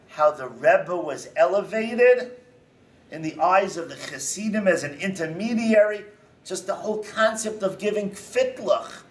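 A man, a rabbi, giving a lecture to a congregation with animated storytelling and emphatic repetitions. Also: high-pitched, recorded from a distance. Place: synagogue hall.

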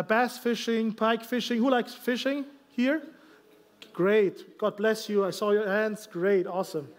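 A man from Germany with a German accent, a guest pastor preaching in halting English with self-deprecating humor and many restarts. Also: high voice. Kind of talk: sermon with personal stories. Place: church sanctuary.

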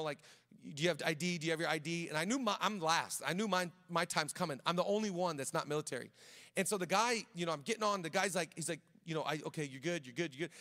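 A middle-aged man, a pastor, preaching a sermon in a casual, conversational way, breaking into personal stories with frequent restarts. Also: a little high. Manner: conversational, many restarts, drops to quiet storytelling. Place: large church auditorium. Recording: long hall reverb.

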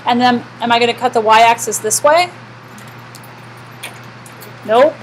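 A woman's voice: on the high side, measured pace, a little hiss or hum, poor audio. A woman teaching a math class, lecturing and asking the students questions she often answers herself.

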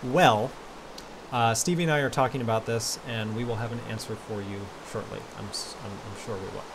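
A man hosting a casual gaming video, chatty and playful, reading out player messages and shouting now and then. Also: fairly low pitch, fairly even intonation, brisk, background noise. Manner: chatty and playful, bursts into yells. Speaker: Minecraft server host reading player messages.

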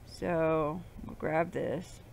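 A woman casually commenting while she plays a game, swearing and muttering to herself, with loud outbursts in between. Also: low voice, steady tone, extremely slow, vocal fry, slight background noise. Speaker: gaming channel host. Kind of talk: casual let's-play commentary.

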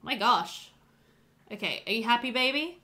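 A woman hosting a casual let's play, chatting excitably to her game characters as she plays. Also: a little high, moderate pace. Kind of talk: casual gameplay commentary.

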